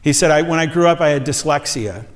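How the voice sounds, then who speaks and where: A man's voice: fairly high pitch, quick pace. Earnest male preacher in a reverberant hall. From USA. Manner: earnest storytelling, voice rising with emphasis. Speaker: pastor teaching a series. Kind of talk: sermon. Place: church sanctuary.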